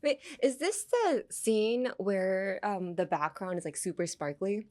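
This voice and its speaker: This young woman hosts a podcast where she casually explains English expressions from anime, alternating English and Japanese and often laughing. Her mid-range voice is expressive and a little mellow, at a measured pace.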